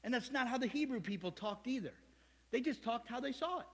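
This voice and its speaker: A man's voice: very high voice, expressive, brisk, in a large hall. A man preaching a sermon as pastor, conversational and joking, firing rhetorical questions at the congregation. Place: church sanctuary.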